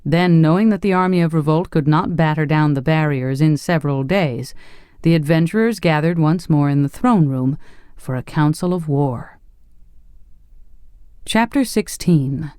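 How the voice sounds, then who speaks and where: A narrator reads a classic fantasy story in a steady, even manner. The voice sits mid-range and the recording is dry and close. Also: mid-range voice, normal speed, clean tone, no room sound. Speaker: audiobook narrator. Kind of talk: scripted narration.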